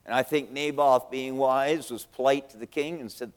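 A man preaching a sermon, telling a story in a folksy, animated way and acting out the scenes. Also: medium pitch, normal speed, few pauses. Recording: long reverb in a big hall.

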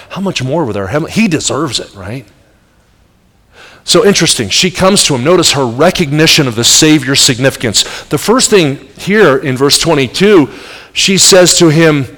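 A middle-aged man preaching a sermon as pastor, animated, with emphatic rising peaks and soft asides. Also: mid-range voice. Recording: long hall reverb.

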